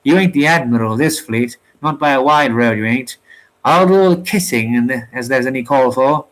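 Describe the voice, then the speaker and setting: A man's voice: mid-range voice, brisk, fairly bright tone, close to an everyday voice, poor audio. A man voicing a cocky brawling sailor. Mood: scornful boasting. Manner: rough sailor's slang, mocking put-downs. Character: proud brawling male sailor, cocky and scornful. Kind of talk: storybook reading.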